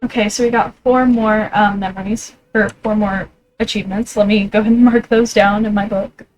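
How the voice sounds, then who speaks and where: A woman's voice: mid-range voice, fairly even intonation, a little fast, a little mellow. A woman streaming a video game, chatting casually while emotional and close to tears, with some swearing. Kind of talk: casual live game commentary. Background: game music.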